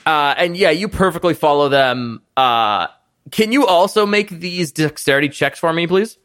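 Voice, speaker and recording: A man narrating as game master, casual and animated, with lots of fillers. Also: fairly high pitch, normal speed, no room sound, clean studio sound.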